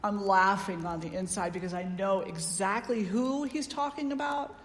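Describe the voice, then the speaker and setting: A woman spiritual teacher giving a satsang talk, a lively storyteller who acts out the people she quotes. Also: medium pitch, moderate pace. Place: yoga ashram hall. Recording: roomy hall with long echo.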